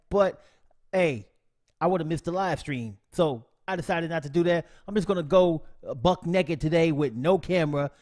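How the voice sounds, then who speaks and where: A man hosting a live stream tutorial, greeting his chat with lively slang before the software rundown. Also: sits high. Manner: animated, slangy shout-outs to chat. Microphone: desk mic, no camera.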